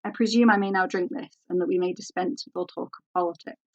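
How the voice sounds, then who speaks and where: A woman's voice: fairly low pitch, fairly even intonation, fast, darkish tone, no room sound, muffled recording, close to an everyday voice. A woman voicing a stern upper-class mother with a formal, commanding manner. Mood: dismissive.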